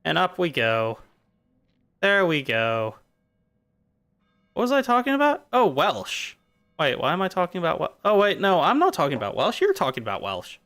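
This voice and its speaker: Man, streamer, casual rambling chat, playful and musing, slightly high voice, smooth tone. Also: very animated, moderate pace, fairly bright tone, soft background music. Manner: playful, musing, jumping between jokes and philosophy.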